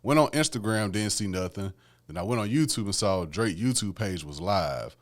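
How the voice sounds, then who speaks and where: A man hosts a solo podcast of casual music commentary, speaking in a laid-back, conversational way and often tossing in "man" and "you know what I'm saying". His voice is on the low side, animated, at a moderate pace.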